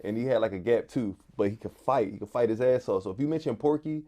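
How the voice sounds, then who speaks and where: A man with a Philadelphia accent tells stories in a relaxed, mellow voice. He drifts along casually, leaning on "like" as he talks. His tone stays warm and unhurried. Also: medium pitch. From West Philadelphia. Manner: laid-back, many "like" fillers. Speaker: guest, artist and DJ. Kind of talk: casual interview storytelling.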